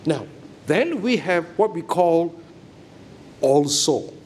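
A man's voice: a little high, expressive, takes it slowly, a little hiss or hum. A middle-aged man preaching a sermon, emphatic and often checking that listeners follow him.

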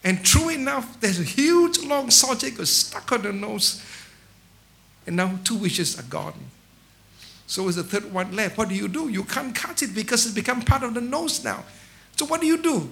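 A man's voice: sits high, moderate pace, creaky. A middle-aged man preaching a sermon, telling stories with rhetorical questions and restarting phrases by repeating words. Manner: animated storytelling with rhetorical questions.

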